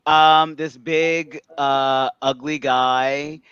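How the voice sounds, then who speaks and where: A man comedian improvising a comic story, halting with many fillers. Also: on the high side, little pitch movement, a bit bright, smooth, no echo. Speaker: comedian contestant. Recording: dry, dull lo-fi audio.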